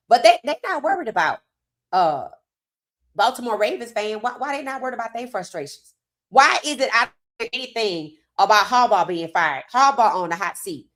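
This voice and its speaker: A woman hosting a live sports talk stream, reading viewer comments aloud and reacting with animated opinions, her voice worn from hours of streaming. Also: a little high. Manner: animated, talks straight to chat, reads comments aloud. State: losing her voice.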